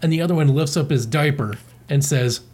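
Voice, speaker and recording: A man's voice: on the high side, a little fast, a little mellow. A man co-hosting a casual chat, joking wryly as he walks through comic panels. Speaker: podcast co-host.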